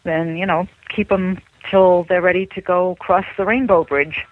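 An older call-in listener heard over a narrow, tinny telephone line. The voice sits at a middling pitch and sounds dry. The speaker rambles agreeably with plenty of fillers. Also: steady tone, unhurried, dry recording.

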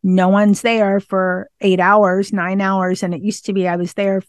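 A woman's voice: mid-range voice, little pitch movement, unhurried, no echo. A woman hosting a pet podcast, asking questions in a chatty, conversational way. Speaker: podcast host. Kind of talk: casual interview chat.

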